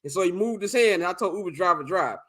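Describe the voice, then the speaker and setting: High-voiced man telling a rowdy story. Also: racing. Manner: animated, profane, laughing storyteller. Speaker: podcast co-host. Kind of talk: casual storytelling chat.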